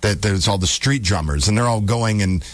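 A man's voice: on the low side, normal speed, dry recording. A man hosting a radio talk show, chatting casually and telling stories with playful repetition. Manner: animated storyteller, repeats words for comic effect. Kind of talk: casual on-air chat. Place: radio studio.

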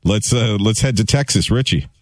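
A man's voice: on the low side, moderate pace, no echo. A man on a sports radio show, upbeat as he brings callers on air. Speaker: radio co-host taking calls. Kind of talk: casual radio banter.

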